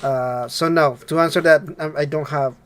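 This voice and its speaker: A man's voice: on the high side, steady tone, moderate pace. A man hosting a casual podcast, laughing often and rambling with many fillers. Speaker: podcast host. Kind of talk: casual chat.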